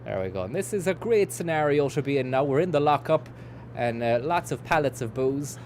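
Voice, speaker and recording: A man's voice: medium pitch, animated, fairly quick, a little mellow, slight background noise. A man streaming a game, rambling and swearing casually while he reads out and answers chat messages. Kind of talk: casual let's-play commentary.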